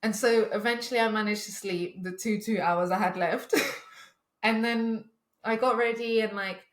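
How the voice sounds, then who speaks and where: A woman's voice: mid-range voice, steady tone, normal speed, reverberant. A woman in her twenties co-hosting a podcast, telling a story in casual chat with swearing and laughs. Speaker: podcast co-host.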